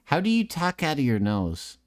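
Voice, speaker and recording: Pitch swoops wildly in this man's fairly high voice, delivered at normal speed. He's a streamer and voice actor, tipsy, nasal and slightly lisping, chatting casually and self-deprecatingly in a rambling way close to a desk microphone.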